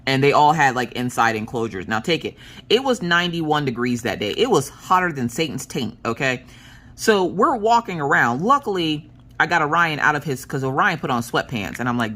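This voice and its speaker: Woman vlogger, casual rambling storyteller, bright tense tone, acts out quotes. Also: a bass voice, brisk. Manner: rambling, chatty, full of "like" and restarts; animated, acts out quotes in voices. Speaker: crafting vlogger.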